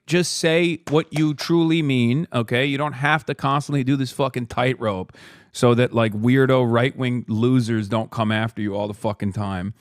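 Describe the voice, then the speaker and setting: A man's voice: mid-range voice, no echo, studio quality. A man ranting on a livestream, profane, exasperated and mocking as he fires off commentary. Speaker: streamer. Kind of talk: heated livestream commentary rant.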